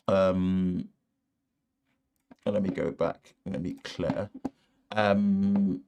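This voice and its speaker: Here a Northern English man of medium pitch and slightly mellow tone hosts a live-stream tech show. He's casual and rambling, reading the news with asides and restarts. He's recorded through a shotgun mic in a treated home studio.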